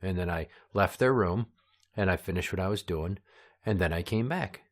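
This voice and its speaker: A man hosting a mock children's show, gruff and deadpan with blunt profanity, reading out his own storybook. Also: deep voice, moderate pace. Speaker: podcast host.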